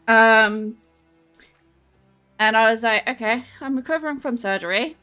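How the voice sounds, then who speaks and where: A woman's voice: fairly high pitch, unhurried, sharp tone, clear, resonant tone, soft background music. An English woman streamer chatting casually with her viewers and answering chat while walking on a treadmill. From England. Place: home, on a treadmill.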